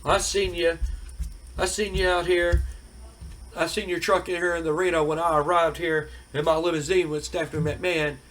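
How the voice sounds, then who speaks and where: A man's voice: a little high, flat delivery, normal speed, fairly bright tone, close to an everyday voice. A man putting on a boastful male wrestler who scolds and trash-talks. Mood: cocky. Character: cocky angry male wrestler, trash-talking.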